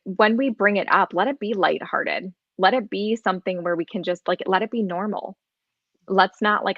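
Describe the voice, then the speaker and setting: A woman guest on a live podcast, speaking calmly and reflectively, like a coach. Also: medium pitch, no room sound, muffled recording.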